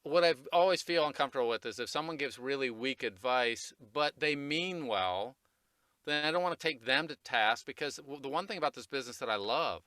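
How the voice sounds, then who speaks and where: Casting note: man, voice coach, bright and crisp, loose rambling talker who laughs at himself, dry close mic. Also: mid-range voice, expressive, no room sound. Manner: rambling, self-deprecating, quick to laugh. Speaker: voice recording coach, guest. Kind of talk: casual podcast conversation.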